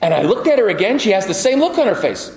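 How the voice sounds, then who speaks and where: A middle-aged man preaching a sermon, telling stories with lively quoted voices and frequent restarts. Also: sits high, fast talker. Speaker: pastor. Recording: echoey hall.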